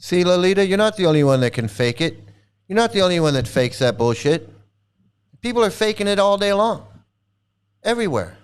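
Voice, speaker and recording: A man's voice: high-pitched, sing-song, fairly quick, pauses often, clean tone. A man hosting a stream, ranting crude and scornful reaction commentary with lots of repetition. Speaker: streamer host.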